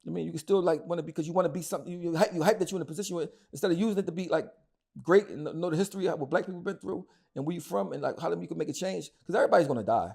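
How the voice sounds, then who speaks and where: A man's voice: on the high side, very fast, gravelly, darkish tone, breathy edge. A middle-aged man, talking as an interview guest, angry and emphatic, repeating himself and cursing a lot. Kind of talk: heated casual interview talk.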